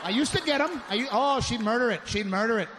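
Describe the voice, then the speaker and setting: A man performing live stand-up comedy, ranting in an exasperated way with loud shouted bursts. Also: extremely high pitch, animated, fast. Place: stage at a live show. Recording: live show with loud background noise.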